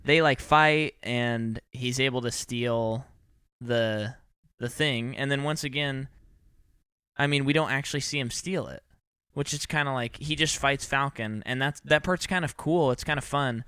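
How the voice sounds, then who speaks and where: A man's voice: mid-range voice, a little slow, pushed and bright, smooth, no echo, clean studio sound. A man co-hosting a podcast, chatting casually about a movie and animatedly acting out scenes with sound effects and voices. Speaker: podcast co-host.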